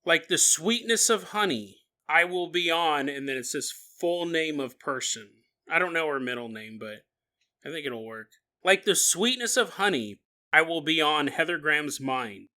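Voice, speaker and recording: A man hosts a solo podcast in a high, tense, bright voice. He jokes his way through a reading, laughing often and slipping into mock-dramatic voices. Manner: jokey, laughs often, riffs while reading aloud. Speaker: podcast host. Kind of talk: comedic podcast monologue.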